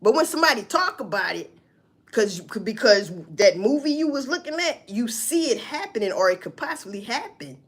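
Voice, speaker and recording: A woman riffs on a news report for her audience, swearing freely and asking and answering her own questions. Her pitch swings widely as she talks. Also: normal speed. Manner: profane, animated, talks back to herself. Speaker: vlogger reacting to news. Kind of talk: casual news commentary.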